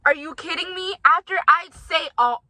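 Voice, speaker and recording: A woman's voice: very high voice, moderate pace, bright, forceful tone, no room sound, rough recording. A young woman vlogging, talking straight to her viewers in emphatic, indignant commentary. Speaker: vlogger reacting to her own recording. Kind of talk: heated commentary.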